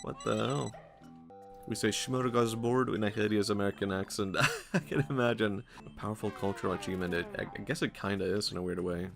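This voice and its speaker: A man with a low, gravelly voice rambles through casual gaming commentary. He jokes around and laughs often, with faint game music under him. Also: steady tone, fast talker. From Sweden. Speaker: streamer.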